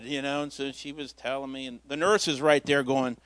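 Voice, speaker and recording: A man's voice: mid-range voice, fairly even intonation, brisk, few pauses, a bit bright, dry recording. Folksy man giving a casual sermon. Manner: folksy, storytelling, self-deprecating with chuckles. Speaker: lay preacher filling in at church. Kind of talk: informal sermon.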